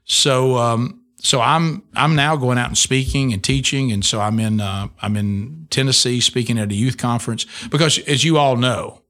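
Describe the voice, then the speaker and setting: A man's voice: medium pitch, moderate pace, few pauses, a bit bright. A middle-aged man, a radio host telling an emotional personal testimony in an earnest way, full of restarts. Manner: earnest storytelling with many restarts.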